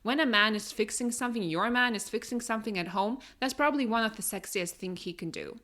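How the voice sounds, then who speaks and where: A woman's voice: on the high side, fast talker, sharp tone. A woman co-hosting a podcast in casual conversation, chatty and upbeat, peppering her talk with "you know" and "right?", English not her first language. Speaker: podcast co-host.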